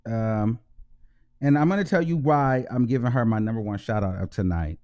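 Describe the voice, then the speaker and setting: A man hosting his own channel, giving heartfelt shout-outs in slangy casual talk and repeating himself for emphasis. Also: mid-range voice, moderate pace. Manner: heartfelt, emotional. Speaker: YouTube show host. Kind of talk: casual vlog shout-out to viewers.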